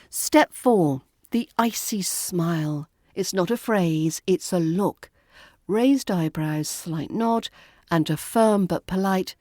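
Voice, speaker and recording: A woman's voice: lowish voice, animated, slow, dark tone, dry recording. A woman with a British RP accent, an accent coach giving a scripted lesson with dry humour and precise enunciation, then reading a fairy tale. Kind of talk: scripted lesson and storybook narration.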